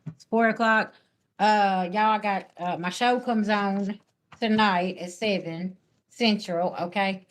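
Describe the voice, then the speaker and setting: A woman's voice: mid-range voice, steady tone, takes it slowly. A woman, chatting casually on a live stream as a spiritual reader and answering viewers' comments in a sassy, blunt way. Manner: sassy, blunt, talks straight back at chat comments.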